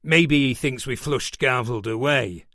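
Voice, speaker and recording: A man voicing a rough henchman who talks bluntly. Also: mid-range voice, unhurried, fairly bright tone, no echo, clean studio sound. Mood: urgent. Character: rough male henchman, mocking.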